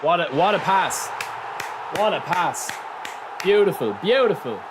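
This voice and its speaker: Young man, game streamer, high voice, very animated, chatty, teasing, repetitive. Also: unhurried, noisy background. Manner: teasing, laughs easily. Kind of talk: live gameplay commentary.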